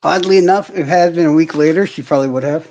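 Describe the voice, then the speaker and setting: A man's voice: on the high side, fast, noisy background. A man hosting a casual livestream, ranting in heavy profanity and answering viewers' comments directly. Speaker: livestream host.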